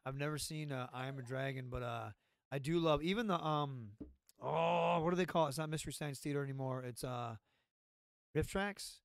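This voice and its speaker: A man's voice: on the high side, moderate pace, gravelly, clear, resonant tone, dry recording, studio quality. A man chatting as a podcast guest, telling stories animatedly and laughing often. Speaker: guest, professional wrestler. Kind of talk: casual podcast chat.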